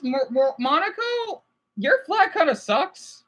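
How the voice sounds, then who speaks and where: A woman's voice: very high-pitched, big pitch swings, a little slow, a bit bright. A woman reacting to a video in a profane, rambling rant, often apologizing. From United States. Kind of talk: ranting reaction commentary.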